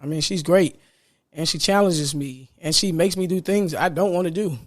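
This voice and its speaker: A man hosts a solo podcast in a higher-than-average voice at a normal speed. He speaks casually and sincerely, upbeat and audibly smiling, often dropping in the word "man."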